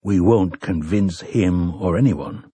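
A man voicing a grim, terse gunslinger who speaks low and stern. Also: slow, warm tone, husky, no room sound, exaggerated voice.

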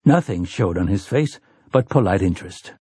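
Husky, low-voiced male narrator. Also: animated, moderate pace, mellow, no room sound, clean studio sound. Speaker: audiobook narrator. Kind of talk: scripted narration.

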